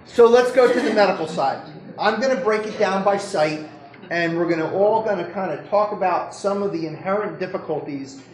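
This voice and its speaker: A doctor giving an informal medical lecture to an audience, talking conversationally, joking and putting questions to the listeners. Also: male voice, high-pitched. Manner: conversational, jokey, keeps asking the audience questions. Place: lecture room. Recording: roomy echo with faint background noise.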